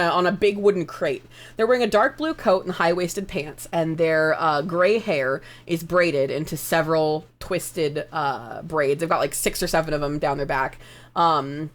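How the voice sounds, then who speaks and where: Casual woman running a tabletop game. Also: lowish voice. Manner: casual, laughing, many fillers. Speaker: game master.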